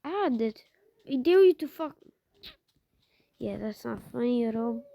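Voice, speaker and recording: A woman's voice: fairly high pitch, expressive, measured pace, vocal fry, dark tone, no echo. A woman giving casual gameplay commentary, swearing a lot and often dropping into muttered whispers. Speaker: gamer.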